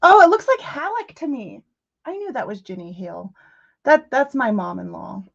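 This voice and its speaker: A woman hosting a casual craft live stream, telling stories in an animated way and chatting back to viewer messages. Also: sits high, vocal fry. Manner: animated storytelling, quick asides to chat messages. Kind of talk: casual chat. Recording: muffled lo-fi audio.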